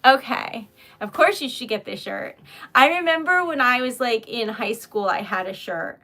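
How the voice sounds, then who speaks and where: A woman's voice: on the high side, moderate pace, pushed and bright. A young adult woman chatting casually on a craft livestream, giggly and talkative, often saying "y'all".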